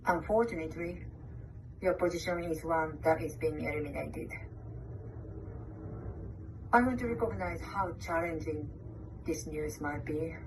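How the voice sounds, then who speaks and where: Woman manager, low voice, measured formal delivery, distant noisy call audio. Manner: measured, formal, reads prepared wording. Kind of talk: formal scripted statement.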